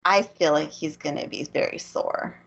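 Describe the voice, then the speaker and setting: A woman's voice: low-pitched, moderate pace, vocal fry, dull audio. A woman co-hosting a podcast, casually recapping an anime and laughing often. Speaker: podcast co-host.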